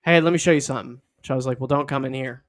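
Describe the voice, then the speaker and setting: A man's voice: steady tone, racing. A young man co-hosting a podcast, telling a rambling, jokey story in casual chat. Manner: rambling, jokey, acts out quotes in a high squeaky voice. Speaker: podcast co-host.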